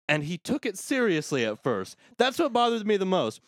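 A man's voice: fairly high pitch, huge pitch swings, fairly quick, few pauses, no echo. Crude, ranting man on a podcast. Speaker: podcast host. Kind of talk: casual comedic rant.

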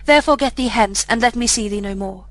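A woman's voice: a little high, brisk, no room sound, natural voice, low-quality recording. A woman reading the part of a proud, scornful young boy in a storybook, with a haughty, cold delivery. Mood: bitter.

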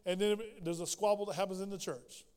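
A man preaching a sermon as pastor in a church, animated and acting out the voices in his quoted prayers. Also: sits high, brisk, smooth, in a large hall. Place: church sanctuary.

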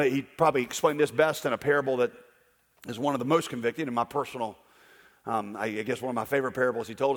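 A male preacher with a fairly high voice delivers an emphatic sermon, rising to loud declarations and dropping to hushed storytelling. His voice rings out with a long echo through a large hall. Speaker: pastor.

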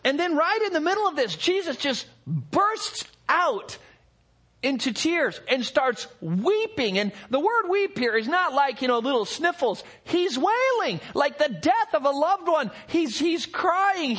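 A man preaching a sermon as pastor, expressive, rising to excited peaks and dropping to hushed low passages. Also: a little slow.

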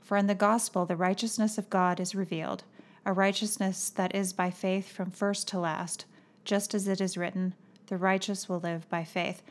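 Woman, mid-pitched voice, podcast co-host, chatty, steady scripture reading. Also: normal speed. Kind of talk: casual chat and scripture reading.

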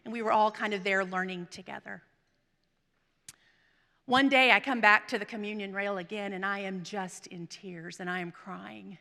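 A woman preacher giving a chapel sermon, telling a personal story that moves between hushed whispers and emphatic bursts. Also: mid-range voice, vocal fry. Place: seminary chapel. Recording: long reverb of a chapel.

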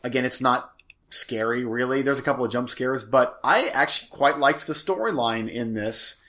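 A man's voice: mid-range voice, normal speed, bright, forceful tone. A man co-hosting a casual movie review chat, rambling and hesitant as he sums up plots and gives his opinions. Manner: rambling, hesitant, full of restarts. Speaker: podcast co-host.

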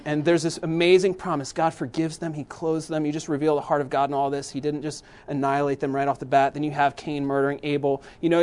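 Fairly high-voiced man, animated church speaker, a dad. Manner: animated, with many restarts. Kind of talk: church talk to parents.

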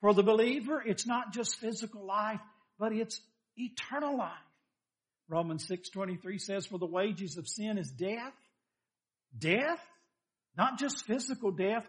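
A middle-aged male pastor preaching a sermon, emphatic, asking rhetorical questions and quoting scripture. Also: high-pitched.

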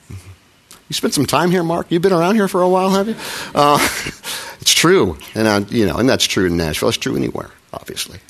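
A man's voice: on the high side, fairly bright tone. A middle-aged man preaching a sermon as a pastor, talking in a conversational, self-deprecating way with frequent restarts and little acted quotes.

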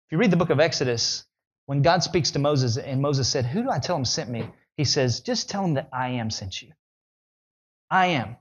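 A man preaching a sermon in an animated way, his voice climbing high when he voices the questioners. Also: normal speed, breathy edge, highs cut off.

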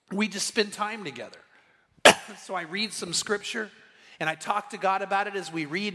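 A man's voice: high voice, sharp tone. A middle-aged man preaching an evening sermon as pastor, telling stories in an earnest, conversational way. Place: church sanctuary. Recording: long reverb of a church hall.

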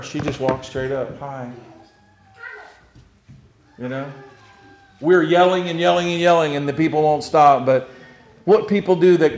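Male pastor, earnest sermon delivery with stumbles, a bit high-pitched, roomy reverb. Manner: swings from hushed to loud, earnest with frequent restarts.

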